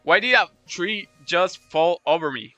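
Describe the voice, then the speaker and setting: Bright high-voiced excitable male streamer. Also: measured pace, no echo, dull audio, faint music behind. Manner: excitable, repeats himself, gushing thanks. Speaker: Roblox streamer. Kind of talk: excited live-stream chat.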